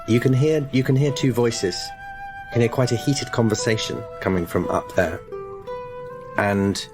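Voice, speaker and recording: A man running a tabletop horror game as game master, narrating in a measured, descriptive way. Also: mid-range voice. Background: music.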